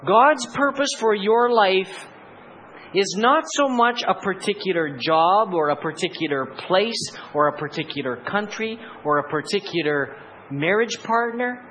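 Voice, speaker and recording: A man's voice: high-pitched, a little slow, pushed and bright, slight background noise, low-quality recording. A male pastor giving a sermon, asking rhetorical questions and acting out voices in dramatic asides.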